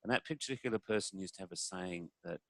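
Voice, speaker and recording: A man's voice: low voice, quick pace, no room sound. A man giving a conversational talk on communication, acting out sample phone calls to show his points. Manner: conversational, demonstrates voices while explaining. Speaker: speaker on communication. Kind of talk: presentation talk.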